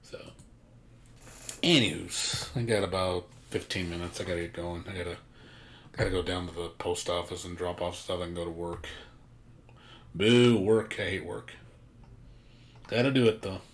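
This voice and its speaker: A man's voice: deep voice, steady tone, moderate pace, long pauses, a little hiss or hum. A man streaming a game, chatting casually with a blunt, profane, ranting manner. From United States. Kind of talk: casual chat.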